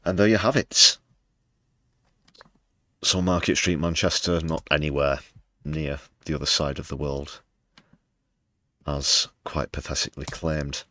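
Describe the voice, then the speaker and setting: A man's voice: very deep voice, fairly even intonation, measured pace, pauses often, pushed and bright, a little hiss or hum. A man hosting a livestream, talking over news clips with heavy sarcasm and often addressing viewers as "people". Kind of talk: live commentary on news clips.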